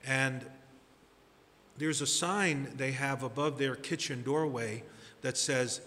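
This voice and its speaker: A man preaching a sermon as pastor, deliberate and emphatic, building to stressed repeated phrases. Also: mid-range voice, bright, forceful tone, long reverb tail.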